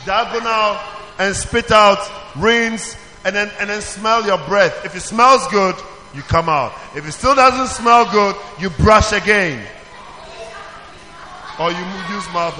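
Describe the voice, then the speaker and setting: A man with a high voice leads a children's church through its lessons, firing questions and waiting for the answers. He calls on the group again and again. The sound carries a long reverb from a large hall. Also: measured pace. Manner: animated, questioning the audience, calling for answers. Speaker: pastor teaching children. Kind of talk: call-and-response teaching to a children's church.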